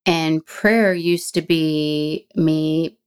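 A woman with a lowish voice tells a personal story to an interviewer. She is animated and acts out the lines of the people in it. When she gets emotional she slows right down. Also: clean tone. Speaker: guest.

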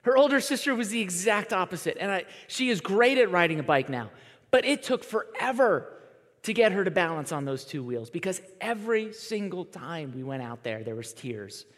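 A man in his thirties delivers a sermon in a conversational, animated style, slipping into quoted voices as he tells his stories. His voice sits fairly high for a man. The sound carries the long reverb of a large church hall. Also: moderate pace. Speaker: pastor.

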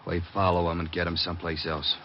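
An actor playing a gruff, bossy crook on the run, in 1940s radio acting style. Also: male voice, sits low, level tone, fast talker, a little hiss or hum, close to an everyday voice. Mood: urgent. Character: tough fast-talking male crook, bossy. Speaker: criminal on the run. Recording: dull old radio recording.

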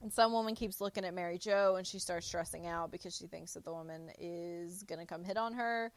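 A woman's voice: lowish voice, brisk, dry recording. A woman co-hosting a podcast, retelling a TV episode in casual chat and quoting the characters with laughs. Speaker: podcast co-host.

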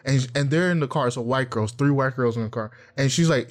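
A man talking casually on a podcast, his voice at an everyday middle pitch. He tells stories with lively energy, slips into the voices of the people he quotes, and swears freely. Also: brisk, hardly any pauses. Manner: animated storytelling, acts out quotes, profane. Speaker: podcast co-host. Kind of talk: casual chat.

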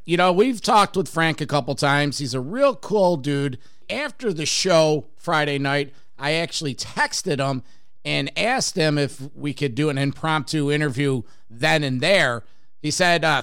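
A man's voice: a little high, fairly bright tone, smooth, no room sound, studio quality. A man from Rochester, New York, hosting a metal podcast in an upbeat, chatty way with casual fillers. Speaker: podcast host. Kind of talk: radio-style show hosting.

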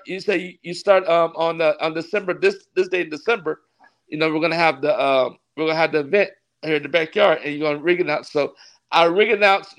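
A man, a pastor and wrestling ring announcer, telling a story in a casual interview, animated and laughing often as he acts out what others said. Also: fairly high pitch. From California.

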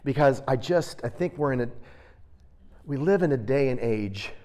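A man preaching a sermon, shifting between quiet storytelling and loud, emphatic, direct challenges to his listeners. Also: mid-range voice, animated, moderate pace. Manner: intense, direct, challenging delivery.

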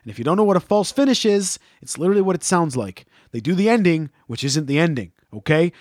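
A man in his thirties telling a story in casual chat, animated and profane, acting out chants and shouts. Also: fairly high pitch, quick pace, no echo, studio quality.

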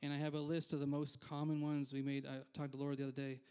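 A man's voice: fairly high pitch, monotone, quick pace, a little mellow, smooth. A man preaching a conversational sermon as pastor in a church, candid and self-deprecating, with frequent asides.

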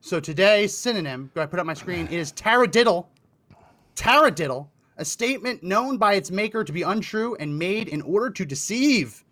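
A man's voice: high-pitched, expressive, normal speed, bright, forceful tone. A man co-hosting a political talk show, joking and sarcastic, who reads posts aloud and mostly backs up his co-host. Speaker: podcast co-host.

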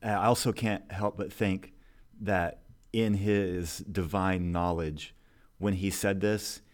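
A man's voice: low-pitched, steady tone, slow. A man co-hosting a casual theological discussion, reflective and agreeable, often affirming his partner. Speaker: podcast co-host.

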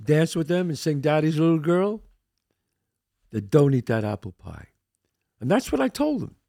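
A man's voice: a little high, no room sound, studio quality. A man hosting a show, talking emphatically in a motivational monologue and acting out the voices he quotes. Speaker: podcast host.

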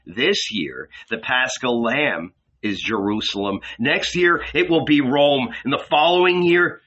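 A man voicing a calm, compassionate male prophet in measured speech. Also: medium pitch, slightly rough, highs cut off.

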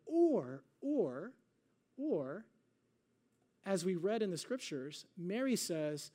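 A man preaching a sermon, moving between conversational asides and slow, dramatic readings of scripture. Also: sits high, big pitch swings, mellow. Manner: dramatic readings with slowed, drawn-out emphasis. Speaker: pastor.

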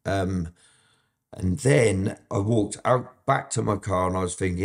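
Low-voiced guy telling his story straight, swears a lot, keeps restarting. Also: moderate pace. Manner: blunt, heavy swearing, frequent restarts. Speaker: interview guest. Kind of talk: candid storytelling interview.

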